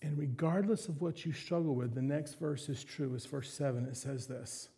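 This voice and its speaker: A man preaching a candid, confessional sermon, poking fun at himself. His voice is gravelly and husky, with a mellow, soft tone in a fairly high register. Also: normal speed, few pauses. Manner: candid, confessional, self-deprecating. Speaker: pastor.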